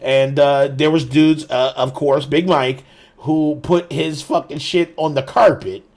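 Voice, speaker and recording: A man co-hosting a casual gaming podcast, swearing freely and telling animated stories. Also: on the high side, a little slow. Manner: profane, animated storyteller. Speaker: podcast co-host.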